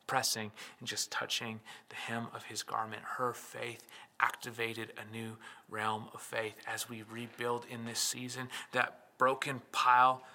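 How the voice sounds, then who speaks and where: Forceful, bright-voiced male preacher. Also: mid-range voice, vocal fry. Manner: impassioned preaching, building intensity; storytelling scripture accounts. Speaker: pastor. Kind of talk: sermon.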